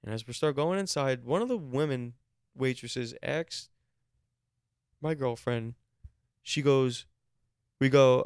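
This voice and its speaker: A man's voice: medium pitch, measured pace, long pauses, smooth, no echo, studio quality. A man co-hosting a podcast, telling a story in a casual, exasperated way and swearing freely. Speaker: podcast co-host.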